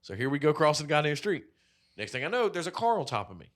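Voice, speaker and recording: On a podcast, a male co-host recounts a story in loose, foul-mouthed conversation, animatedly voicing each person's quotes. His pitch is fairly high and his delivery fast.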